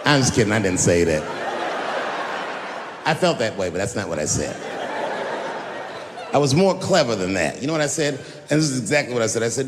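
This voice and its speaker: A man's voice: on the low side, sing-song, brisk, pauses often. A male stand-up comedian telling crude stories and acting out the people in them, on a large theater stage with a handheld mic. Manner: storytelling, acts out characters, crude. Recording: live hall with audience laughter. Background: audience laughter and crowd noise.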